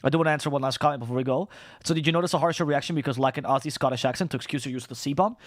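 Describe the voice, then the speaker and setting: Fast-talking man caster. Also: medium pitch, no room sound, clean studio sound. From Spain. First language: Spanish. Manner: fast, rambling, profane, restarts words. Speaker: esports caster and streamer. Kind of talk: casual live-stream chat.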